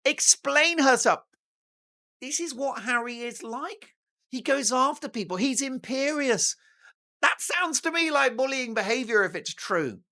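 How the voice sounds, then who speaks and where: British male talk host, mocking and theatrical, lively swings in pitch, bright voice. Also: a little slow. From Britain. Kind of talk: opinionated news commentary.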